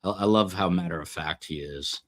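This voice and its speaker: Reading his chat's comments aloud, the middle-aged streamer rambles and pokes fun at himself, using many fillers. His voice is low and moves at a moderate pace.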